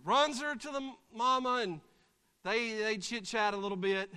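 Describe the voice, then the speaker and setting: A man preaching a sermon, staging a live acted illustration with congregation members and breaking into shouted voices of the story's figures. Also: high-pitched, measured pace, clean tone. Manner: animated, acts out voices and shouts during the story. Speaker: pastor. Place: church sanctuary. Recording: long church hall reverb.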